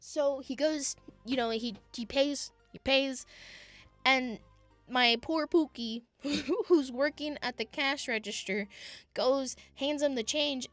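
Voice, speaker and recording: A young woman vlogger animatedly retelling a work story to camera, with dramatic pitch jumps. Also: slow, a bit bright, dry recording, faint music behind.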